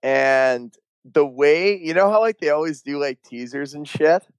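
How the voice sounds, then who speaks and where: A man's voice: on the high side, lively intonation, unhurried, smooth, no echo. Young man, laid-back slangy podcast chatter. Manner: swearing, laughing, slangy. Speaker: podcast co-host. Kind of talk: casual chat.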